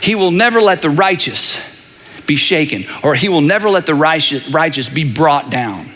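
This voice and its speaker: A lively male pastor with a bright voice on the high side preaches at a moderate pace, animated and conversational, repeating phrases and tossing in asides. His sermon rings out with the long reverb of a large hall.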